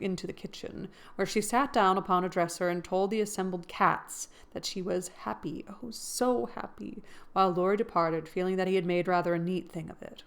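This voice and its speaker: A woman reads a classic novel aloud in a mid-pitched voice with a gravelly, creaky edge. She reads expressively and gives the characters' lines a lift. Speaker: audiobook reader.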